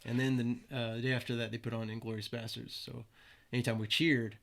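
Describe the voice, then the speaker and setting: A man's voice: medium pitch, level tone, quick pace, gravelly, fairly bright tone. A young man, a podcast guest, casually telling stories with plenty of swearing and acted-out quotes. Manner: laid-back, swears freely, acts out quoted voices. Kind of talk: casual storytelling interview.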